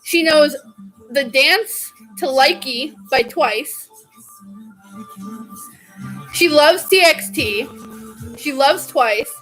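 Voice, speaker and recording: A woman's voice: high-pitched, extremely slow, pauses often, a bit bright, soft background music, poor audio. A young woman vlogging in a casual, chatty way, gushing and laughing often. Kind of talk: casual chat.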